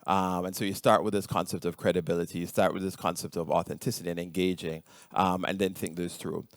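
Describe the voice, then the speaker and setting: A man's voice: deep voice, little pitch movement, fast talker, dry recording, studio quality. A middle-aged man with a Jamaican accent giving a conference presentation, hesitant with many ums and restarts. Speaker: conference speaker.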